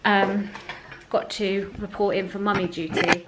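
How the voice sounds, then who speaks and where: Young woman vlogging on her camera, chatty, laughs a lot, middle pitch. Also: flat delivery, measured pace, heavy background noise. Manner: chatty and self-deprecating, often laughing, with soft baby talk to her son. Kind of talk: casual vlog chat. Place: home and outdoors in town.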